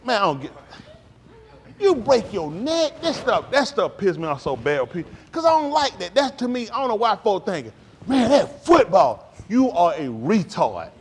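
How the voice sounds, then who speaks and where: A man's voice: high voice, huge pitch swings, normal speed, breathy edge. A man giving a casual talk to a congregation, blunt and joking, acting out plays as he talks. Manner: blunt, ranting. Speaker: speaker addressing a congregation.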